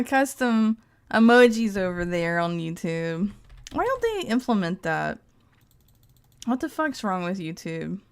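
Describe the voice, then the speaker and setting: A woman's voice: medium pitch, very animated, measured pace, clear, resonant tone. A woman streamer reading text aloud in casual live-stream commentary, breaking off into crude, joking asides and frequent laughs. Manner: laughs often.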